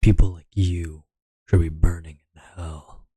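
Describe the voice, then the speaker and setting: Male streamer doing a deep brooding heartthrob, low and flat, dark tone. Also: unhurried, no room sound. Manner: low, exaggerated husky delivery.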